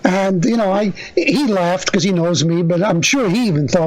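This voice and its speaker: An older man, a working actor and interview guest, telling stories with an animated delivery. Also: high-pitched, fairly quick, hardly any pauses, low-quality recording. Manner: lively animated storyteller. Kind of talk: storytelling interview.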